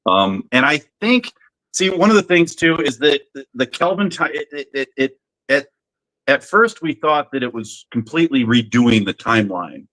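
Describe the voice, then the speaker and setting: A man's voice: mid-range voice, very animated, moderate pace, bright, forceful tone, rough recording. A man co-hosting a podcast, chatting casually and often restarting his sentences with fillers. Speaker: podcast co-host. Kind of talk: casual chat.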